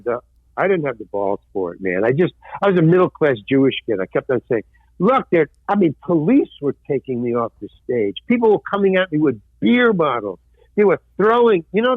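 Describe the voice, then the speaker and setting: An older man, a former stand-up comic, telling lively anecdotes in an interview and acting out the voices of people he quotes. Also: a little high, no echo. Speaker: guest, actor and former stand-up comedian. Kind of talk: storytelling interview. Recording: dry, tinny phone-like line.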